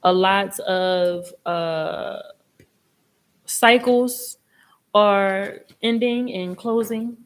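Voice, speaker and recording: Chatty, expressive woman reading tarot. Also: medium pitch, extremely slow, smooth. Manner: chatty and expressive, swearing casually, reassuring. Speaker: tarot reader and live stream host. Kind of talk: casual live tarot reading.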